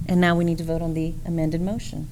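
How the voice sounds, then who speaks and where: Female board chair, low voice, brisk procedural delivery, light room noise. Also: little pitch movement, dark tone. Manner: brisk procedural, casual asides. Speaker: board president chairing meeting.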